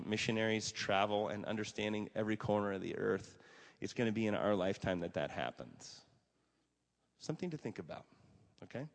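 A man in his forties, a pastor giving a casual, animated sermon with stories and lots of fillers. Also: lowish voice. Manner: animated, conversational, many fillers, acts out quotes. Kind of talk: casual sermon talk with storytelling. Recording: long hall reverb.

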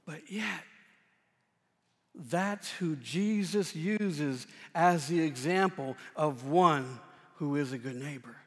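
A man in his forties preaching a sermon as a pastor, telling a personal story in a conversational, self-deprecating way and swinging between loud and hushed delivery. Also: fairly high pitch, takes it slowly. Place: church sanctuary. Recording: long reverb of a church hall.

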